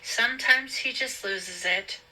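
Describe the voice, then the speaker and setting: A woman's voice: medium pitch, a little slow, sharp tone, a little hiss or hum, low-quality recording. A woman voicing a small, stubborn teenage girl who sounds tense and indignant.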